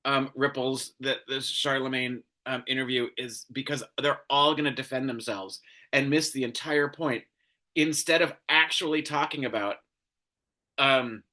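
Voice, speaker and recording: A man's voice: medium pitch, steady tone, a little slow, pushed and bright. A man hosting a commentary show, ranting angrily with lots of swearing and exasperation. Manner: angry, profane, exasperated.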